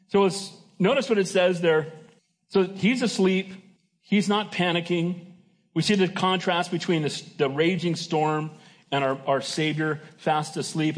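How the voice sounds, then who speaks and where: A man's voice: fairly high pitch, normal speed. A man preaching a sermon as pastor, emphatic and folksy, often asking his congregation "Amen?". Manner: folksy and joking.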